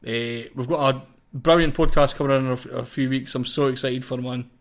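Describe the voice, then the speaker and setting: A man's voice: medium pitch, little pitch movement, a little fast. A young Scottish man hosting a podcast in casual, sweary chat, laughing often with his co-host. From Scotland.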